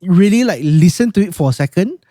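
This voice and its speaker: A man talks through sound mixing in a casual, thoughtful way, often pausing and restarting. His voice sits a little high, with a mellow, warm tone. The recording is close and dry. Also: lively intonation, no echo. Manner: thoughtful, hesitant with fillers and restarts. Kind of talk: casual technical chat.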